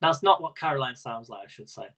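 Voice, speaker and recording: A man's voice: medium pitch, expressive, fast, creaky, a bit bright, low-quality recording. A man hosting a live-stream quiz in a casual, rambling way, laughing often as he talks. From Britain. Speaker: quiz host.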